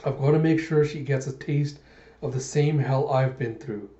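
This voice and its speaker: A man doing a grim vengeful cyborg, mellow voice, muffled, echoey. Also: medium pitch, fairly even intonation, normal speed, close to an everyday voice.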